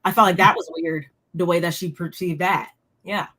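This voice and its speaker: A woman co-hosting a casual reality TV recap for live viewers, chatty and quick to laugh. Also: lowish voice, steady tone, bright, forceful tone.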